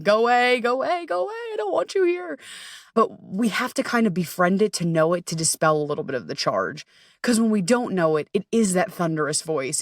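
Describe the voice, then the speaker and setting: A woman hosting a podcast, talking candidly and casually, swearing freely and laughing at herself, sometimes jumping into high voices for her inner thoughts. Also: dry recording, studio quality, recorded from a distance. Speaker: podcast host. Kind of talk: casual confessional monologue.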